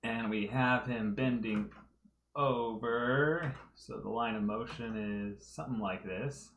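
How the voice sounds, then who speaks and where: Taking it slowly, a fan artist livestreams from a room at home, casually narrating his drawing step by step and musing aloud. His voice is mid-range and a bit bright, set in an echoey room with a little hiss or hum.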